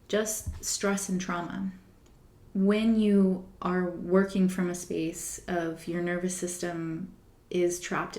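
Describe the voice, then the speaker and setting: A woman hosting a spiritual wellness podcast, talking softly and unhurriedly in a reflective way, with the odd filler. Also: fairly low pitch. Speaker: podcast host. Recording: roomy echo.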